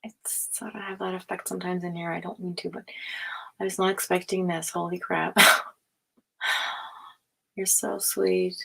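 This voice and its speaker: Gravelly-voiced woman chatting on a stream. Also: lowish voice, little pitch movement, moderate pace, pauses often. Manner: chatty, laughs often, drops into hushed asides. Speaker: tarot reader hosting a live stream. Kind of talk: casual live-stream chat reading viewer comments.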